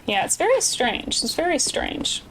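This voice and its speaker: A woman's voice: high-pitched, big pitch swings, normal speed, fairly bright tone, a little hiss or hum, low-quality recording. A young woman streaming a game, chatting casually with her viewers and laughing often. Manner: bubbly, chatty, laughs often, talks to chat. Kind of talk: casual gameplay chat.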